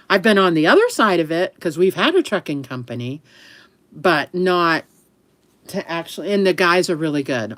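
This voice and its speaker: Middle-aged woman, casual livestream host, giggly and rambling, slightly low pitch, dry recording. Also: a bit bright, no echo. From US East Coast. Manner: chatty, laughs often, rambling with self-corrections.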